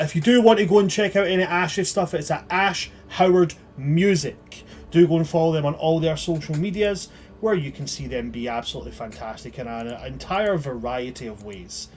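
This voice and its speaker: A man's voice: on the high side, moderate pace. A man as game master, closing a tabletop livestream and plugging the socials in a chatty, upbeat way.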